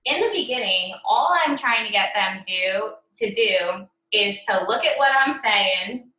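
A woman podcast host and speech therapist chatting casually, animated and talkative. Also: medium pitch, unhurried, echoey room, low-quality recording. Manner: chatty, animated, acts out a bossy teacher voice.

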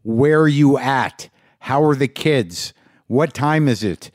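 This podcast host delivers a casual monologue that rambles, swears freely and fires off rapid questions, sounding punchy and short on sleep. His voice is medium in pitch, recorded at studio quality with no room sound.

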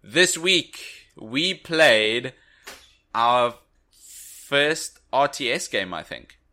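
Man, podcast co-host, bright tense voice, chatty, laughs a lot. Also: mid-range voice, lively intonation, extremely slow. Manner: chatty, laughs while talking. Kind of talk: casual chat.

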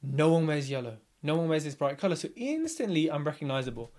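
Brief: man in his thirties, a podcast guest with a slightly higher voice, lively and chatty, acts out quotes. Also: quick pace. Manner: animated storyteller, acts out others' lines. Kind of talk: casual podcast chat.

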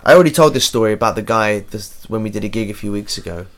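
A man co-hosting a casual comedy podcast, animated and jokey, often slipping into silly put-on voices. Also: fairly low pitch, fast talker. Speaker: podcast co-host.

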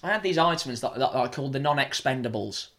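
A young man co-hosting a casual chat, chatty and quick to react with exclamations. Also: mid-range voice, lively intonation, fairly bright tone. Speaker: podcast co-host.

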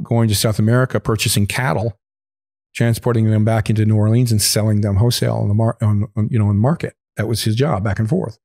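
A man's voice: on the low side, mellow. A man telling a long story in casual conversation, rambling and swearing freely, laughing as he talks. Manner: rambling, profane, laughs mid-sentence. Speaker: podcast guest.

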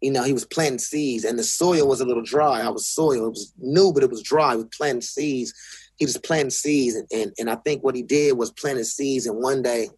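Husky LA guy cussing and restarting in a casual interview, dry close sound. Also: medium pitch, moderate pace, darkish tone, no room sound. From South Central Los Angeles. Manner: blunt, profane, restarts often. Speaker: guest.

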